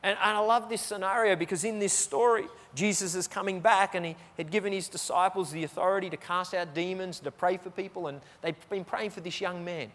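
A man's voice: sits high, fairly even intonation, brisk, hardly any pauses, a bit bright, big-room sound. A man preaching a sermon to his church, repeating key phrases for emphasis. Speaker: pastor.

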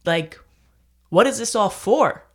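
Solo podcast host and comedian, mid-pitched, rambling and profane, self-deprecating, restarts a lot. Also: lively intonation, slow pace. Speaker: stand-up comedian. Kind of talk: casual rambling podcast monologue.

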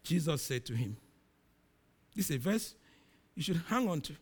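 A middle-aged man preaching a sermon, reading scripture dramatically with loud emphatic peaks and quiet low drops. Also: very animated, normal speed, pauses often, slightly rough.

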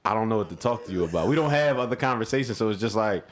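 A man co-hosting a casual chat, animated and laughing as he mimics people's repeated greetings. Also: lowish voice, rapid-fire, a little hiss or hum. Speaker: podcast co-host.

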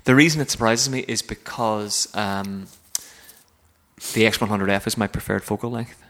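A man's voice: lowish voice, moderate pace, fairly bright tone. Chatty rambling male photographer. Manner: rambling, chatty, self-correcting. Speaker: wedding photographer. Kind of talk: casual podcast chat. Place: his office.

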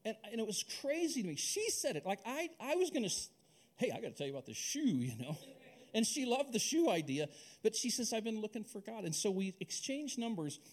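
A middle-aged male pastor from Alaska preaching a sermon, telling a personal story in an animated, conversational way with many restarts. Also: sits high, brisk.

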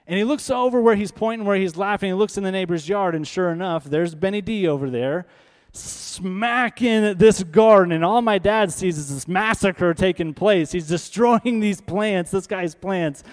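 Man preacher, animated storytelling sermon, higher-pitched voice, long hall reverb. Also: moderate pace. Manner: animated, conversational, frequent "right?".

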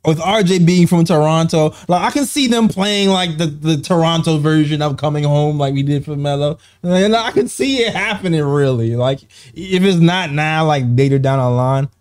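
Dude hosting a hoops show, rambles along, laughs a lot. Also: male voice, fairly high pitch, a little mellow. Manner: loose, rambling, quick to laugh. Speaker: podcast host. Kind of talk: casual basketball chat.

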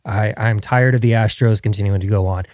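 A man's voice: lowish voice, fairly even intonation, fairly quick, darkish tone, dry recording, studio quality. A young man hosting his podcast from home, chatting casually and rambling with self-mocking jokes while streaming live. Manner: rambling and jokey, laughs at himself. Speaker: podcast host. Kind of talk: casual chat.

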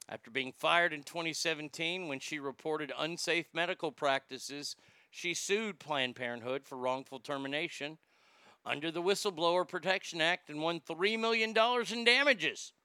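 A male commentary host with a bright, crisp, smooth voice recorded close and dry. He talks with open indignation and heavy sarcasm. When he gets worked up, he trips into halting restarts. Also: on the high side, dry recording. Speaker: podcast host. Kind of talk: political commentary show.

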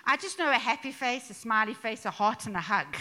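A middle-aged woman delivers a conversational sermon, mixing jokes and asides into her message. Her voice is pitched a little high and has a bright, forceful edge. She sounds animated and chatty, as if talking with friends from the pulpit. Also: fairly quick. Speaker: speaker addressing a church gathering.

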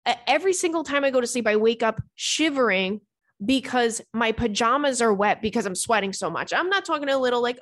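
A woman's voice: on the high side, lively intonation, a little fast, no echo, studio quality. A young woman hosting a podcast in casual chat, talking frankly and chattily and swearing freely. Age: young adult. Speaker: podcast host.

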